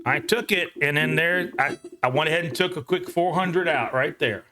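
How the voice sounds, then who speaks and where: A man hosting a live trading session from home, thinking out loud about each trade in an excitable, casual way with the odd swear. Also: on the high side, crowd noise. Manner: excitable, talks fast to himself while trading, swears casually.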